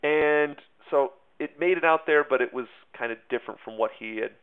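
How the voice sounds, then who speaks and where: A man's voice: fairly high pitch, brisk, clear, resonant tone. A man teaching history in a loose, conversational way, full of fillers and hedges. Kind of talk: casual history lesson. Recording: tinny phone-like sound.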